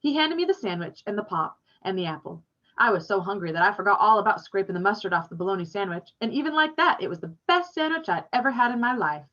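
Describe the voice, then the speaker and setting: A woman reads a novel aloud, telling the story with expression. Her voice sits at a middle pitch. The recording is somewhat dull and lo-fi. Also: animated, quick pace, a bit bright, soft background music. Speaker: reader.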